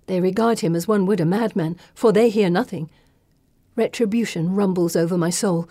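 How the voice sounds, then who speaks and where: A woman narrates a first-person story with an expressive, dramatic reading. Her voice is warm and mellow, recorded dry and close with no room sound. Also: mid-range voice, normal speed, no echo. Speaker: audiobook narrator.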